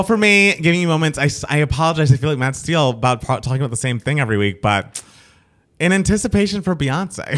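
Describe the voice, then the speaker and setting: A man's voice: mid-range voice, fairly bright tone, clear, resonant tone. A man co-hosting a podcast in casual chat, talking with enthusiasm as he reminisces like a fan. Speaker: podcast co-host.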